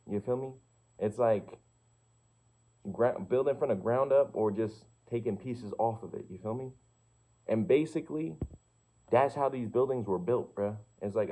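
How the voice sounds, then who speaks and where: Young man with a mellow, muffled voice. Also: mid-range voice, normal speed. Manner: slangy and profane, asks rhetorical questions, repeats "you feel me". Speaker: vlogger. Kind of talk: casual rambling monologue. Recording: slightly muffled lo-fi recording.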